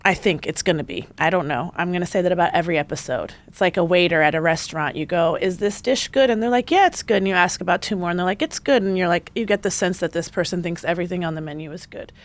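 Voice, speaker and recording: A woman hosting her podcast, delivering a playful, jokey solo monologue with animated asides. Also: fairly low pitch, fast talker, few pauses. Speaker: podcast host.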